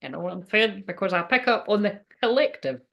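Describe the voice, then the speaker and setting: A woman's voice: medium pitch, expressive, fairly quick, gravelly, a bit bright, lo-fi sound. A woman, giving a casual, rambling tarot reading, swearing freely and laughing often. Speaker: tarot reader and medium.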